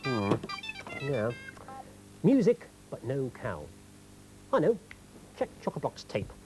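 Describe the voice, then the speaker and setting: A children's television presenter talking slowly and coaxingly to young viewers, making animal noises in a sing-song manner. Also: medium pitch, huge pitch swings, warm tone, soft background music, rough recording.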